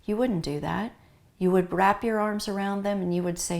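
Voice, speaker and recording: A middle-aged woman with a North American accent, who speaks on pet loss grief, delivers an earnest, heartfelt talk to grieving pet owners, warmly urging them again and again. Her mid-range voice is gravelly, with a steady tone and moderate pace.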